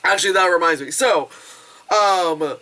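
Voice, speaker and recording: Reviewing a movie in a relaxed, chatty way, this young adult woman speaks low and at a measured pace. She giggles a lot, curses without hesitation, and performs squealing versions of lines.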